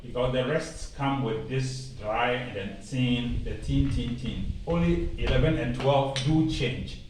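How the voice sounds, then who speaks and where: A man from Ghana with a Ghanaian English accent, teaching an online language lesson with slow, emphatic drilling, repetition and playful asides. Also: mid-range voice, darkish tone, distant mic. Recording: very echoey room, voice off-mic, faint ambient noise.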